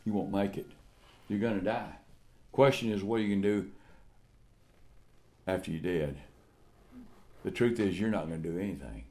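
An older man preaching a sermon in a folksy, emphatic way, swinging from loud declaiming to quiet asides, with drawn-out repeated phrases and stammered restarts. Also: deep voice.

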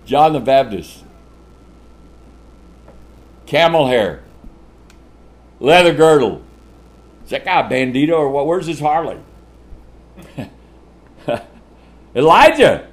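Preacher man, folksy and lively, slightly high voice, swings from loud to hushed, laughs often. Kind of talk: sermon.

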